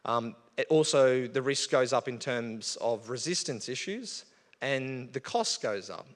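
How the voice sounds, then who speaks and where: A man's voice: medium pitch, lively intonation, a little slow. Casual Australian man lecturing in a hall. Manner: casual, conversational, with fillers. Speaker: bee researcher giving a talk. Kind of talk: live presentation to an audience. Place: event hall. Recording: long hall reverb.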